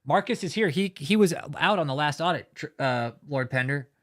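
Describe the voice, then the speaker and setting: A man's voice: fairly high pitch, lively intonation, moderate pace, a bit bright. A man hosting a live stream, talking in a heated, profane rant and often swearing. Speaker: livestream host. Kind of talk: angry live-stream commentary.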